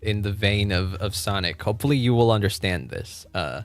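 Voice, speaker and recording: A man's voice: fairly low pitch, moderate pace, faint music behind. A man streaming and chatting casually, laughing often and restarting his sentences.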